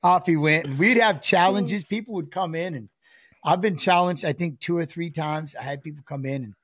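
A man with a husky, fairly high voice tells old training stories in a lively, animated way. He slips into the voices of the people he describes, and the close, dry sound puts him right in front of the mic. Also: moderate pace, dry recording. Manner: animated, acts out quotes from his stories. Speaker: guest. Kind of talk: casual storytelling.

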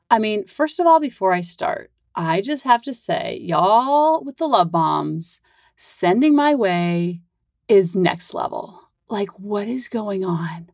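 A woman's voice: mid-range voice, dry recording, studio quality. A woman hosting her own parenting podcast, chatting casually in a Valley-girl-ish way full of "like". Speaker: podcast host and parent coach.

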